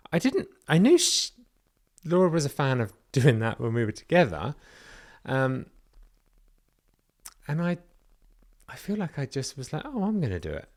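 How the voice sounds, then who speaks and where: In a personal vlog, a British man speaks candidly in a mid-range, slightly mellow voice. He sounds confessional and a little nervous, often asking himself questions aloud.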